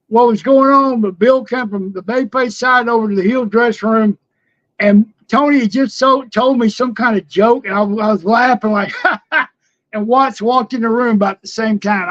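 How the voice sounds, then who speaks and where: An older man, a retired wrestler telling road stories in an interview, laughing often and shouting out the lines he quotes. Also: very high-pitched, normal speed, dry recording, highs cut off. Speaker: retired pro wrestler, guest. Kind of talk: storytelling interview.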